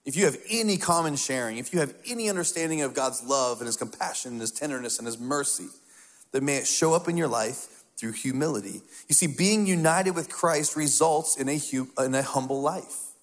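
A man preaching a sermon as pastor, talking in a conversational, storytelling way with hushed asides. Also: mid-range voice, a little fast. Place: church sanctuary. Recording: long reverb of a large hall.

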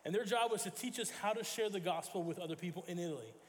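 A man with a high voice preaches a sermon in a church sanctuary, and the words ring with a long reverb. He tells stories as he goes, acting out quoted voices and sometimes stopping to correct himself. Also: fast talker, slight background noise. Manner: storytelling with acted quotes and self-corrections. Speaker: pastor.

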